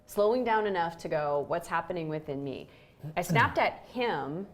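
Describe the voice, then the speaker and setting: A woman's voice: lowish voice, expressive, normal speed. A woman co-hosting a relationship show, telling a story candidly and acting out quoted lines with animation.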